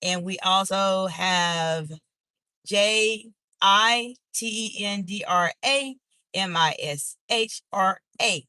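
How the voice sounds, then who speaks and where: Woman host, bright voice, dry close sound, casual live chat read from the car, spells out usernames. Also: medium pitch, takes it slowly, dry recording. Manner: greets viewers warmly by name, spells out usernames letter by letter. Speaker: executive coach hosting a livestream. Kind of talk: casual livestream chat, reading comments aloud. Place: inside a car.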